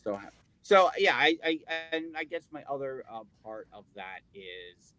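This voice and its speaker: Male podcast co-host, mid-pitch, rambling and jokey, dry close-mic recording. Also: very animated, measured pace, sharp tone, no room sound. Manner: rambling, self-interrupting, jokey. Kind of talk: casual chat.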